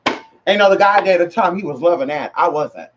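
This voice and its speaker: A woman's voice: on the low side, lively intonation, fairly quick, noisy background. A woman vlogger in casual chat to camera, sassy and slangy, calling listeners girl and honey and repeating phrases for emphasis. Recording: muffled lo-fi recording.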